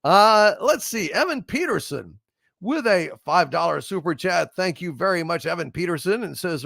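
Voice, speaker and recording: A man's voice: high-pitched, expressive, normal speed, gravelly, a bit bright, no echo, clean studio sound. A man hosting a casual livestream, rambling with many fillers as he hails viewers and reads their messages. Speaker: livestream host.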